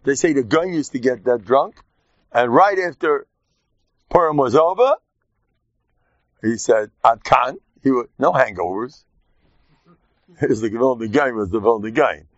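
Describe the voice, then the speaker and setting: A man giving an informal, joking Torah talk to his class, lively and animated. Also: medium pitch, a little slow, long pauses, no room sound. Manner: animated, jokey, mixes Yiddish and Hebrew terms. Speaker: rabbi teaching a class. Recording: dull dry lo-fi sound.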